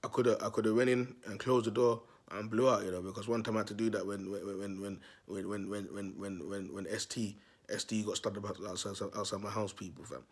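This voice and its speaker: A man's voice: lowish voice, steady tone, a little fast, breathy edge. A man, a vlogger telling a neighbourhood story to his viewers in a slangy, repetitive way.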